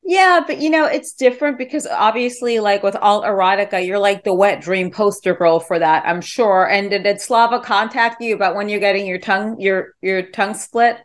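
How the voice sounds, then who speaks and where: A woman hosting a casual interview, reacting excitedly and chatting about her own experiences. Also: mid-range voice, moderate pace, hardly any pauses.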